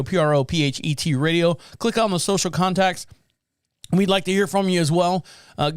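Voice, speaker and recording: A man's voice: sits high, clear, resonant tone, no room sound, clean studio sound. A man hosting a podcast in casual chat, rambling a bit, correcting himself and chuckling as he goes. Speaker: podcast host.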